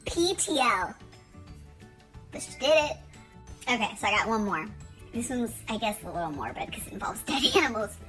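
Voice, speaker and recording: Thirty-something woman vlogging, jokey and rambly, swears a lot, bright highish voice. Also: sing-song, moderate pace, pauses often, faint music behind, poor audio. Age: 30s. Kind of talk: casual chat to camera.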